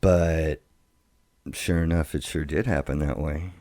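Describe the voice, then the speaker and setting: A middle-aged man telling his life story in casual talk, profane and rambling, with halting restarts. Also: rumbling low, steady tone, mellow, dry recording.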